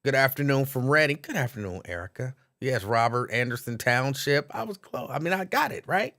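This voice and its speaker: A man's voice: mid-range voice, fairly quick. Man, livestream host, casual, chatty, easy laughter. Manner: relaxed, chatty, laughs easily, reads out chat names. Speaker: host of a live call-in stream. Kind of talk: casual live-stream chat, greeting viewers.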